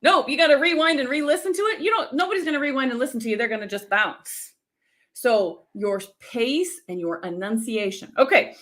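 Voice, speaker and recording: A middle-aged woman coaches viewers during a live stream, with a fairly high and very animated voice that swoops up and down. She sounds energetic and teacherly, checking in with her audience at every turn. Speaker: speaking coach.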